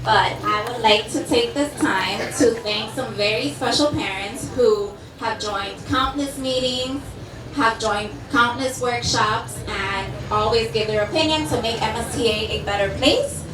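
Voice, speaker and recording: A woman with a fairly high voice speaks as parent coordinator and announces names at a ceremony. She speaks in a measured, formal way. The sound is echoey and distant, with clear noise around her. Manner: measured and formal, calls people up to the stage.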